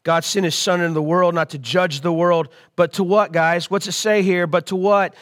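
A man preaching a sermon as pastor, calling out to his congregation and swelling louder on key lines. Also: sits high, fairly even intonation, normal speed. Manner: call-and-response preaching to an online congregation.

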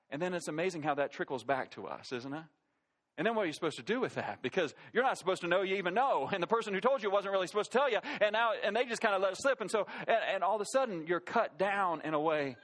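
A middle-aged male pastor preaching a sermon, telling stories with animated delivery and quoting people in character. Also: high-pitched. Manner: animated storytelling, quotes people in character, laughs at his own stories.

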